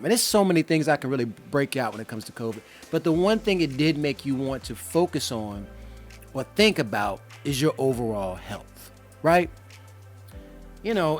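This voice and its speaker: A young man hosting his own vlog from home, talking straight to viewers in a loose, slangy, conversational way. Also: a little high. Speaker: vlog host. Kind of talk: casual talk to camera. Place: home room, indoors.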